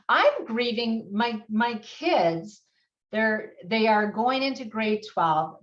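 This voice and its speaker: A woman's voice: medium pitch, muffled recording. A middle-aged woman, a guest speaking animatedly about grief in an interview, often laughing. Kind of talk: conversational interview.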